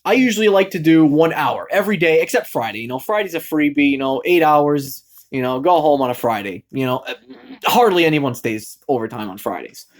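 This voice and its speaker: A man's voice: fairly high pitch, fairly quick. Rambling young man from Massachusetts. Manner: rambling, many fillers and restarts; animated, acts out quoted lines. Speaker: vlogger. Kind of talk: casual storytelling rant.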